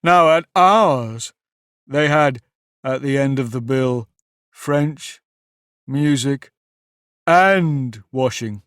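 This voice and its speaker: A man voicing a sorrowful male Mock Turtle in an audiobook, sighing and drawing his words out slowly. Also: mid-range voice, a bit bright, dry recording, clean studio sound. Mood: mournful. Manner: slow, drawn-out, mournful delivery. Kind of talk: audiobook character voice.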